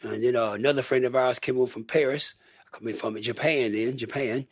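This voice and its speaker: Husky-voiced older American man. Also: medium pitch, fairly quick, no echo, clean studio sound. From Michigan, USA. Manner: rambling, animated storyteller who acts out quotes. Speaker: guest musician. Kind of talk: casual storytelling interview.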